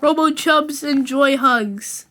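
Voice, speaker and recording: Woman as a stiff, high-pitched shouting cartoon robot. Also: slow. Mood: robotic. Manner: mechanical, repetitive and shouting. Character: malfunctioning shouting robot villain.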